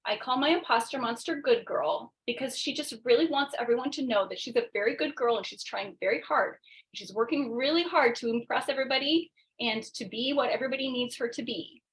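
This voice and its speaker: A woman presenting an interactive coaching workshop over a video call, animated, acting out quoted voices and often checking in with tag questions. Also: a little high, a little fast, low-quality recording.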